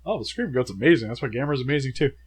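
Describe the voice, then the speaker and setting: A young man co-hosting a casual movie review, chatty and animated with lots of filler words, feeling sick. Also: mid-range voice, rapid-fire, slightly rough. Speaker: co-host of a movie review show.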